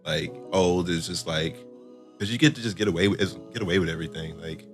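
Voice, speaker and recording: A man's voice: low voice, fairly quick, music in the background. A young man hosting a podcast, chatting in a laid-back way and filling his talk with "like" and "you know what I'm saying". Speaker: podcast host. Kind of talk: casual chat.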